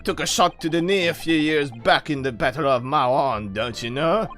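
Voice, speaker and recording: A man's voice: on the high side, moderate pace, fairly bright tone, soft background music, lightly acted. A man voicing a pompous retired old soldier with hearty, blustering upper-class manners.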